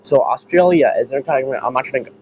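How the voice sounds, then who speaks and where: A man's voice: mid-range voice, fast, a little mellow. An American man giving a rambling, casual rant as an online commentator, swearing freely. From United States. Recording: muffled lo-fi with faint hiss.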